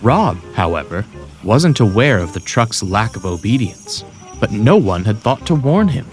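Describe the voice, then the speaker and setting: A man narrating a children's storybook in a scripted, expressive way. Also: lowish voice, moderate pace. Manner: expressive, voices every character. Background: music.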